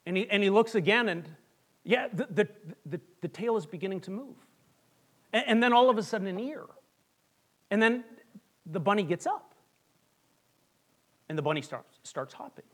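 A man preaching a sermon, telling a long joke story with dramatic pauses that drop to a hush. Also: high voice, animated. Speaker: pastor.

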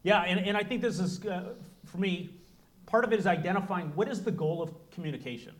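A man's voice: high-pitched, brisk. A man giving an earnest, explanatory talk to a live audience in a room, now and then acting out short bits of dialogue. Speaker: presenter.

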